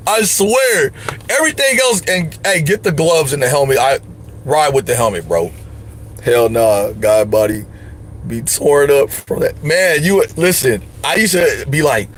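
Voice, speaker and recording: A man's voice: mid-range voice, expressive, moderate pace, slight background noise. Emphatic slangy man chatting on a livestream. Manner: emphatic, slangy, advice-giving. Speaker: livestream host. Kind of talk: casual livestream chat.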